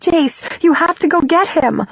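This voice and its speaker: A woman's voice: extremely high pitch, lively intonation, measured pace, vocal fry, fairly bright tone, no echo, pitched above the performer's own voice, exaggerated voice. A woman voicing a panicked young woman who screams and sobs breathlessly in terror. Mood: panicked screaming. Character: panicked young woman fleeing her attacker. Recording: dull, dry audiobook recording.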